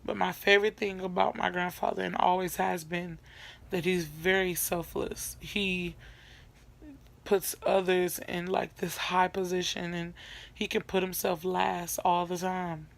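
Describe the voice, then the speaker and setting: Slow-talking young woman with gravelly fry. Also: lowish voice, level tone. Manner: chatty, repeats herself, many fillers. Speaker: vlogger. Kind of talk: casual get-to-know-me vlog. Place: her bedroom, in bed at night.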